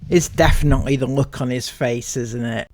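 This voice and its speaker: A man's voice: mid-range voice, fairly even intonation, moderate pace. A man hosting a commentary video, making dry, mocking asides about vlog clips. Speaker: commentary YouTuber.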